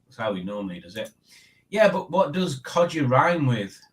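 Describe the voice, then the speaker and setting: A man's voice: mid-range voice, very animated, moderate pace. A man hosting a casual livestream, chatting and rambling to his viewers in a self-mocking way. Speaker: livestream host. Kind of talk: casual chat.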